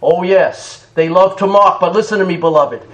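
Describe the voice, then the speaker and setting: Brief: middle-aged preacher, high-pitched, dramatic and animated in the pulpit. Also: male voice, normal speed, poor audio. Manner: animated, dramatic, reads scripture in King James wording. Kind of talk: sermon.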